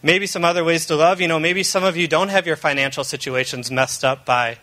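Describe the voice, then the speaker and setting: A man's voice: on the high side, steady tone, fairly quick, sharp tone. A man in his thirties, a pastor giving an earnest, conversational sermon. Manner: earnest and conversational, with frequent fillers and restarts.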